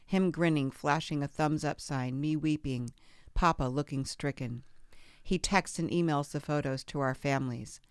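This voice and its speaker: A woman podcast host reading a memoir aloud in a measured, expressive way on a close studio mic. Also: low-pitched, clean tone, no room sound.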